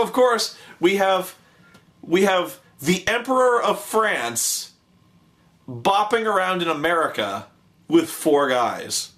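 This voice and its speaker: A man's voice: on the high side, a bit bright. A man giving a comedic review of a television show, sarcastic and profane, retelling scenes with mock voices.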